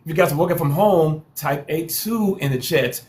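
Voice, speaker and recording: A man's voice: on the high side, normal speed, a little mellow. Hyped man hosting a live stream. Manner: repetitive hype calls, playful trash talk. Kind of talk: TikTok live hosting, hyping viewers.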